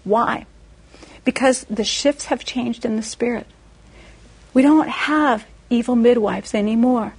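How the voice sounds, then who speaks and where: A woman delivers a sermon built around a lively personal story. Her voice is fairly high and husky, and she throws herself into the quoted voices with big jumps in pitch. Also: slow pace. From Texas, USA. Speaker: preacher.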